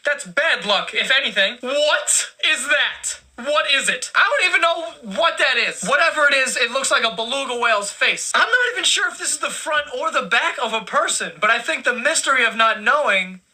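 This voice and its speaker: A man's voice: very high voice, lively intonation, normal speed, hardly any pauses, pushed and bright. A young man giving crude, profane, sarcastic commentary that roasts people for laughs. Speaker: comedy commentator. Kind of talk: mocking comedic commentary.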